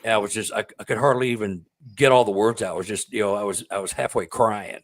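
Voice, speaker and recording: A male author, a guest in a conversation, telling a personal story in an emotional, excitable way, choking up at times and repeating words when moved. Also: fairly low pitch, fast talker. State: close to tears.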